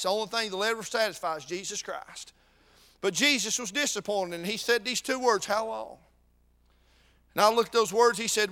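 A man preaching a sermon with fervor, going from shouted peaks to quiet intensity and repeating words as he restarts his sentences. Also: high-pitched, clear, resonant tone.

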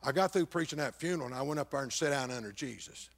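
A fast-talking older man with a medium-pitched voice, he is a pastor relating his own testimony. Loud bursts give way to hushed, almost whispered passages and back again.

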